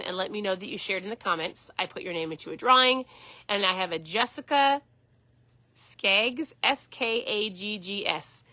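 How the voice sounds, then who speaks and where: Middle-aged woman host, casual livestream chat, bright and upbeat, close dry sound. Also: medium pitch, no echo. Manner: chatty, enthusiastic, acts out dialogue.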